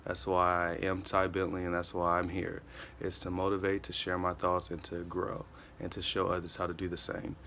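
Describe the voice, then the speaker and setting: A young man with a very low, deep voice talks earnestly in a relaxed motivational vlog. He circles back on his points and leans on "you know" as he goes. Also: moderate pace, slight background noise. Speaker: motivational vlogger. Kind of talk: casual motivational monologue.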